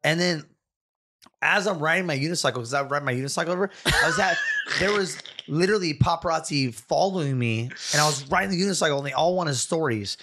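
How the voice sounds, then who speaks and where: A man hosting a casual talk show, telling animated stories and acting out other people's lines. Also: a little high, quick pace. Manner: excitable, energetic, acts out other people's lines. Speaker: barber and show host.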